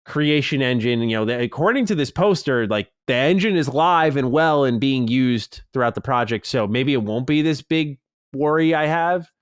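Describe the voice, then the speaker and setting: Male podcast co-host, mid pitch, animated and casual, dry close mic. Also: moderate pace, smooth, no echo. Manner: animated, swears, reads listener mail.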